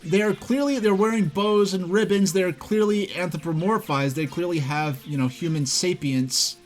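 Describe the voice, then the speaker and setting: A man's voice: sits high, moderate pace, soft background music. A man reading an old comic aloud on a stream, with rambling, hesitant asides. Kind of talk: casual commentary and reading aloud. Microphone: desk mic at computer.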